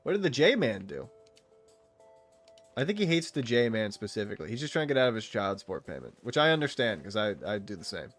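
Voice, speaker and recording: A man with a low-leaning, bright-ish voice is very animated and brisk, with faint music behind him. Live-streaming a game, he chats casually with viewers, rambling and interrupting himself, laughing a lot and swearing freely.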